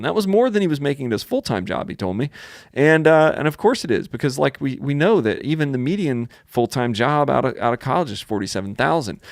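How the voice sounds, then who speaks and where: Chatty man rambling through a webinar pitch. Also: no echo, clean studio sound. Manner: rambling, filler-heavy, with many restarts and "you know, like". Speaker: piano tuner hosting a sales webinar for his course.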